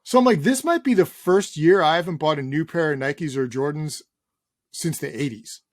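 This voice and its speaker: A middle-aged man chatting casually as an interview guest, relaxed and rambling, swearing now and then. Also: fairly high pitch, moderate pace, dry recording, studio quality. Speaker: guest, sneaker journalist.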